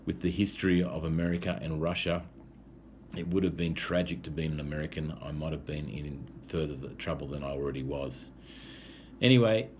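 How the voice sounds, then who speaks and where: A man with an Australian accent and a notably low voice tells a personal travel tale for English learners. He talks in a relaxed, easygoing way, often pausing on "um". Faint noise hums behind him. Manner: easygoing, frequent "um" fillers. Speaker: English teacher. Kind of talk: casual storytelling for language learners.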